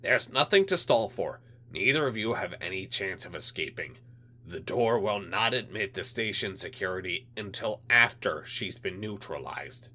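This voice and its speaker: A man's voice: expressive, normal speed, full character voice. A man voicing a cold, threatening insectoid alien official in a read-aloud story. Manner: clipped, menacing, louder and higher.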